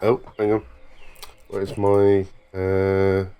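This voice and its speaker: A man's voice: sits low, monotone, mellow, clean tone. A man playing a tabletop game, joking casually. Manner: slow, joking. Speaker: player.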